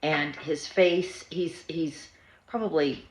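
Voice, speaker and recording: At home, a woman in her sixties tells rambling, chatty stories filled with fillers for her family vlog. She speaks slowly in a low, steady voice, recorded in an echoey room with faint background noise.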